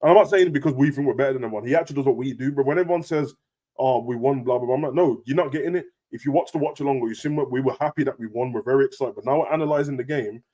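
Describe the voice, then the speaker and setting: Street slang fills the rapid, animated banter of a young football podcast host in casual chat. He fires off points quickly, his pitch shooting high whenever he gets worked up.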